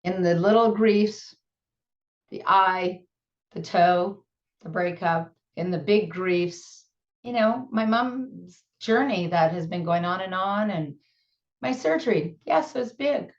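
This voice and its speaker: Middle-aged female host, candid and self-mocking, slow delivery, dull recording. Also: fairly low pitch. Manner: warm, candid, laughs at herself. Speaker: show host and speaker. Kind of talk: reflective personal talk.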